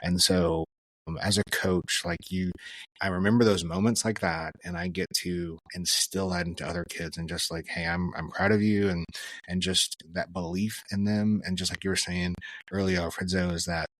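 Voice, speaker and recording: A man with a very low voice talks earnestly on a podcast, pausing with fillers as he reflects. The sound is dry and close, with no room around it. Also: level tone, fairly bright tone, no room sound. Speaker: podcast guest, former special forces soldier and chaplain. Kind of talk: casual interview talk.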